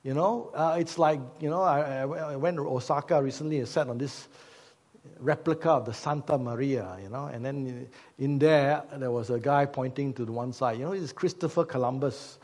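A man's voice: mid-range voice, moderate pace, darkish tone. A man preaching a sermon as pastor, conversational, with many fillers and repeated rhetorical questions. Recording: long hall reverb.

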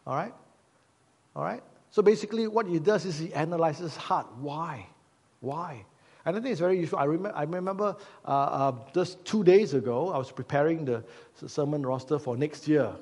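A man's voice: on the high side, brisk, darkish tone. A man preaching a sermon as pastor, conversational, with many fillers and repeated rhetorical questions. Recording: long hall reverb.

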